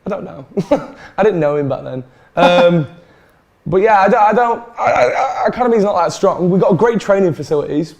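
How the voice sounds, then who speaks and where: A man's voice: sits high, animated, moderate pace, vocal fry, noisy background. A man talking casually about a live football match as a fan, easygoing and laughing along, often restarting his sentences. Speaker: Burnley fan co-host.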